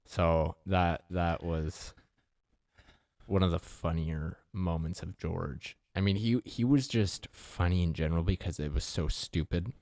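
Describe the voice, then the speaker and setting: Deep-voiced man telling rambling stories. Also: a little slow, a little mellow, no echo, clean studio sound. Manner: rambling anecdotes with restarts. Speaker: podcast co-host. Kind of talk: casual storytelling chat.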